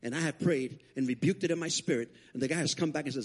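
Husky, animated preacher man. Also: fast talker. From Puerto Rico. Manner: animated, acts out quotes with big pitch jumps. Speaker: guest preacher. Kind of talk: storytelling sermon. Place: church sanctuary.

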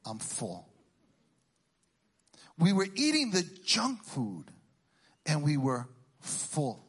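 A middle-aged man from Puerto Rico doing a stand-up routine, teasing the crowd with quick questions and Spanish exclamations. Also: on the high side, huge pitch swings, slightly rough. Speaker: stand-up comedian.

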